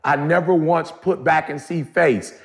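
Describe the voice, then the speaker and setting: Gravelly, higher-voiced male storyteller. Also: a little slow. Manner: animated storyteller, colloquial, addresses listeners directly. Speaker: podcast co-host. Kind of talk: casual storytelling chat.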